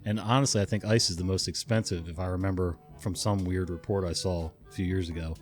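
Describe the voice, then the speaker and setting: A man's voice: low-pitched, fairly even intonation, fast, faint music behind. A man narrating stories in a casual, conversational way, often chuckling and wandering into asides. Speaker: storytelling channel host.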